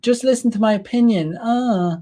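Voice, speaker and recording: A man putting on a high mocking voice of a whiny, offended young woman. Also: normal speed, warm tone. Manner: shrill, sing-song mockery.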